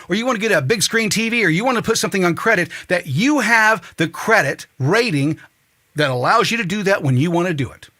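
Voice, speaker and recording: A talk host rants with swearing and sudden shouts. His voice sits high and swings widely in pitch. It has a bright, forceful edge. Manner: ranting, swearing, rising to shouts. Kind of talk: angry political monologue.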